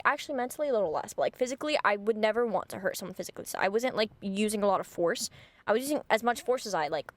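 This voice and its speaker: A young woman vlogger telling a story in a casual way. She is animated and blunt, swears freely and acts out the scenes dramatically. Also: medium pitch, no room sound.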